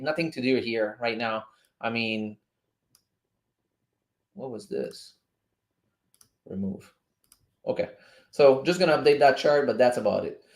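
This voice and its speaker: A man's voice: mid-range voice, a little mellow, roomy sound. A man from Montreal with a Québécois French accent, hosting a casual livestream and chatting loosely, swearing and going off on tangents. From Montreal, Canada. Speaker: livestream host.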